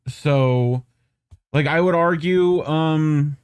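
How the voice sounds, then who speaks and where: A man co-hosting a casual political commentary podcast, talking in a chatty way with quick asides and casual swearing. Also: on the high side, smooth. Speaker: podcast co-host.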